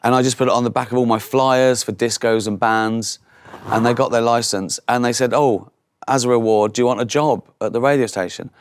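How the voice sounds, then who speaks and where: A man's voice: mid-range voice, steady tone, a little fast, hardly any pauses, smooth, no room sound. A man, telling anecdotes in a casual chat and acting out other people's voices. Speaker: guest comedian.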